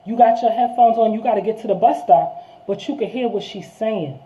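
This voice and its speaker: Recorded with thin, phone-like sound, this vlog host from New York talks quickly in a voice on the high side. Her casual monologue to viewers is animated street talk, and she addresses them as y'all.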